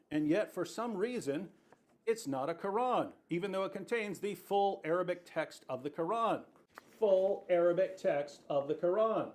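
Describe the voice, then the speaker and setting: A man presenting an argument in a clip, repeating key phrases for emphasis. His voice sits high for a man, and he explains step by step. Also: darkish tone.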